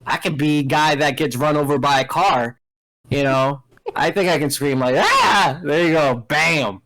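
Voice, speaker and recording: A man hosting a casual gaming podcast, talking excitedly and rambling with restarts, with a mellow voice. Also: a little high, moderate pace, low-quality recording. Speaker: podcast host. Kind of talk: casual chat.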